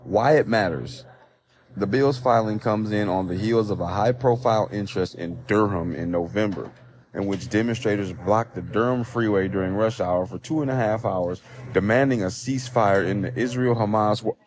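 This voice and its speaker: A man's voice: on the low side, moderate pace. Profane, incredulous man ranting on a phone mic. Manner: profane, incredulous, rambling with restarts. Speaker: podcast host. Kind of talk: solo podcast commentary, reading news.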